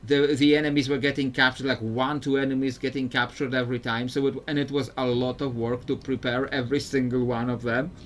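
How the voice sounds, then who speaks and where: A gameplay streamer speaks a little fast in a level, mid-range voice, barely pausing, with slight background noise. His rambling commentary on the video game keeps interrupting itself, and he chuckles frequently.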